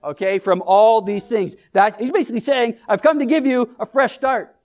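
A pastor with a notably high voice delivers a casual, conversational sermon. He keeps turning to the congregation with questions and light jokes, as if chatting with them. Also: moderate pace. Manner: engages the congregation with questions and humor.

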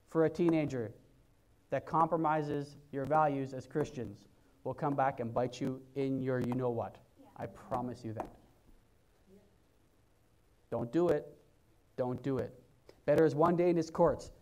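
A man's voice: medium pitch, a little mellow, low-quality recording. A man in his forties preaching a sermon as a pastor in a church, exhorting his listeners and repeating phrases for emphasis. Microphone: handheld mic.

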